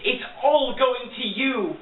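A man voicing a devoted young actress in a pleading falsetto, in an amateur drama. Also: takes it slowly. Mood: gushing. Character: young female stage actress, gushing and devoted. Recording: echoey, distant, tinny and lo-fi with hiss.

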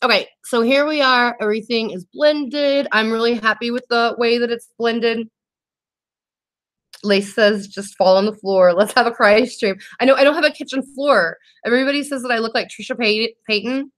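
A young woman hosting a casual makeup livestream, reading viewer comments aloud and talking in a warm, teary, laughing way. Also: on the high side, moderate pace. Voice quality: emotional, teary and laughing, says y'all.

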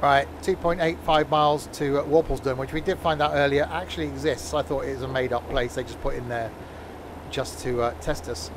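A man's voice: mid-range voice, steady tone, fairly quick, noisy background. A man casually commentating a train simulator game live, joking and teasing his chat. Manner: joking, chatty, teasing viewers. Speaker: streamer playing a train simulator.

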